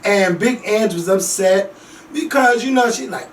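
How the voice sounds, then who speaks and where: A man hosting a casual talk show, ranting bluntly and profanely about reality TV, with lively swings in loudness. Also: high voice, a little slow, a little hiss or hum. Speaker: podcast host. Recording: echoey room, mic at a distance.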